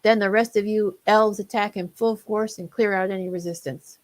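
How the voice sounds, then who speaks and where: A woman's voice: mid-range voice, steady tone, moderate pace, lightly acted. A woman voicing a pompous male elf commander giving a rousing battle speech to his troops. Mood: commanding.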